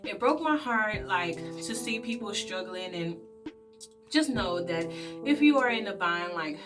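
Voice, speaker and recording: A woman vlogger recapping a movie while painting her face, chatty and animated, slipping into voices for the characters. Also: medium pitch, a little slow, recorded from a distance, music in the background. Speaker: beauty and movie review vlogger.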